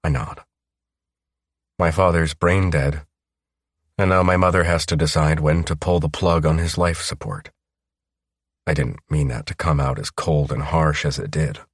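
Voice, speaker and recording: A man reading a first-person audiobook in a steady, measured way. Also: extremely low pitch, dry recording, studio quality. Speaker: audiobook narrator.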